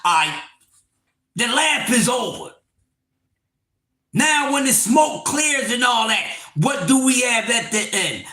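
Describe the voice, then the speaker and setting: Brief: male stream host, high, lively pitch, preachy rant. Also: takes it slowly, pauses often. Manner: loud, preachy, swings between shouting and mock-laughing. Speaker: livestream host. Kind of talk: animated livestream rant. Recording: echoey room.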